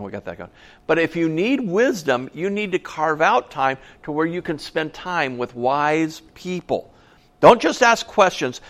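A man's voice: mid-range voice, a bit bright. A middle-aged man, a pastor, preaching a conversational sermon, telling personal stories and asking the audience questions.

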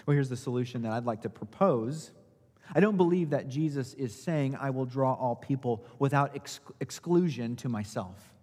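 A man preaching a sermon as pastor, asking rhetorical questions and swinging between loud emphasis and quiet, low asides. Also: animated, moderate pace, slightly rough. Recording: long hall reverb.

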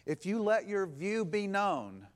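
A pastor preaching a conversational sermon, stacking emphatic, repeated phrases and acting out what people say. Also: male voice, high voice, sing-song, takes it slowly. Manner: repetitive, emphatic build-ups.

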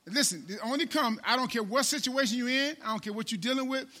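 A preacher with a very high, bright and sharp voice delivers a sermon in call-and-response style. He repeats his lines, calls on the congregation to answer, and swings between loud and hushed. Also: fast. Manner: call-and-response preaching, repeats phrases, rises and drops in volume.

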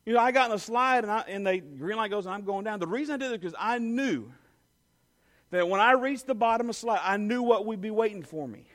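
Bright-voiced high-pitched man telling a story. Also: fast. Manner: lively, full of "you know" and "I mean". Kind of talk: animated personal storytelling to an audience.

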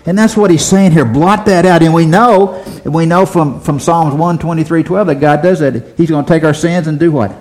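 A man's voice: a little high, moderate pace, few pauses, darkish tone. A man preaching a sermon, asking the congregation rhetorical questions and repeating phrases for emphasis.

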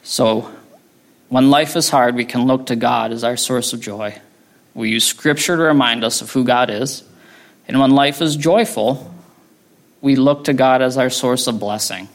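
Gravelly-voiced man preaching casually. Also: medium pitch, unhurried. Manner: conversational, tags lines with "right?". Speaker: pastor. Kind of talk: sermon.

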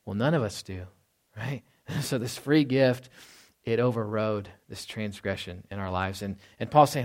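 A man's voice: mid-range voice, normal speed. A man giving a casual, conversational sermon as a pastor. He chuckles often and ends many points with "right?". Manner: drops to a hushed voice when quoting.

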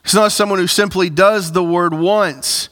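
Male pastor; bright, slightly high voice; emphatic, congregation-facing sermon delivery. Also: fairly even intonation, normal speed. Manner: preaches with rising emphatic bursts, direct address to congregation.

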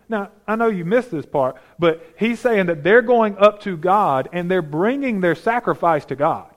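A man's voice: high-pitched, lively intonation, normal speed, few pauses, dull audio. A man preaching a sermon, reading scripture aloud and talking it through in a conversational way with emphatic rhetorical questions.

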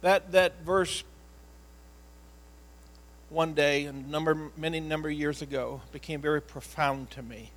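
A man's voice: fairly high pitch, fairly even intonation, fairly bright tone, poor audio. Earnest man telling a sermon story. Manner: earnest, emotional, halting with repeated words. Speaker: pastor.

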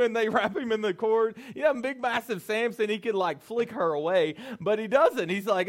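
A man's voice: sits high, brisk, hardly any pauses. A man in his thirties preaching a casual sermon, joking and acting out quoted voices. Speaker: pastor.

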